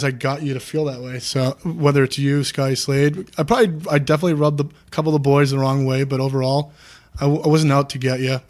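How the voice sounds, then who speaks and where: A former wrestler in his thirties speaks candidly as a guest on a podcast. His medium-pitched voice rambles earnestly, with lots of restarts.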